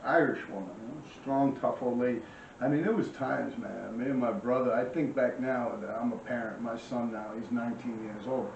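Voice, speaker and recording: A man in his forties with a New York accent tells rough, rambling stories, cursing as he goes. His mid-pitched voice comes from a camera across a small apartment, so it sounds distant and roomy. The sound is a little dull. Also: normal speed, noisy background. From New York City. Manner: rambling, profane street talk. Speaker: vlog host. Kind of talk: casual storytelling. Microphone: camera across the room.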